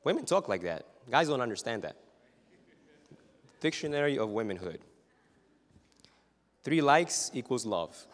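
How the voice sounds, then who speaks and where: A male pastor preaching a sermon. His delivery is dramatic and full of humorous stories, and it swings from hushed asides to loud exclamations. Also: mid-range voice, big pitch swings, unhurried, long pauses. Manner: humorous storytelling. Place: church sanctuary. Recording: reverberant church hall.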